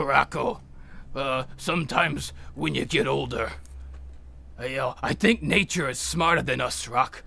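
Man doing a grizzled old boxing coach, slow halting mumble, much deeper than his own voice. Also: creaky, bright, forceful tone, heavily acted. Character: old grizzled male boxing trainer, tender.

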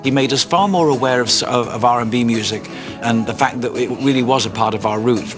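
A man of middling pitch recalls old stories in an interview. His telling is reflective and unhurried, with a little music under the voice. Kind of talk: reminiscing interview.

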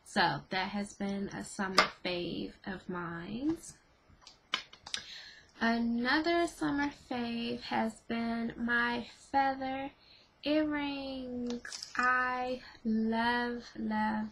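A woman's voice: fairly high pitch, fairly even intonation, drawn-out words, slight background noise, low-quality recording. A woman casually reviewing her favorite beauty and snack products for her vlog, gushing and repeating her praise. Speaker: beauty vlogger.

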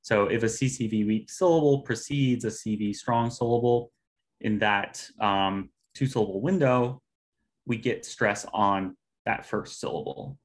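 Low-voiced man presenting linguistics research. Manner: measured, uses fillers. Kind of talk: academic talk on phonology.

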